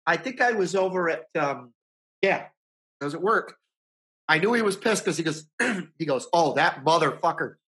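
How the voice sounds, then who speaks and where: A man's voice: high voice, animated, moderate pace, pushed and bright. A man co-hosting a podcast, chatting casually and joking as he retells a story. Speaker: podcast co-host. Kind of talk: casual chat.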